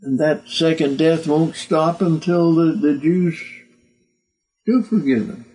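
An older man preaching doctrine in an earnest, emotional way. He speaks slowly, often stumbling and repeating words, and his voice sits fairly high for a man. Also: dark tone, slight background noise, rough recording. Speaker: religious teacher. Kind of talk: doctrinal sermon.

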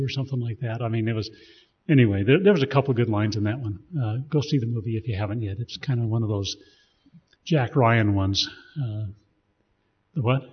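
Man speaking casually to a group, digressive, husky voice, muffled recording. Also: mid-range voice, fairly quick. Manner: rambling, digressive storytelling. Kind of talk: casual talk.

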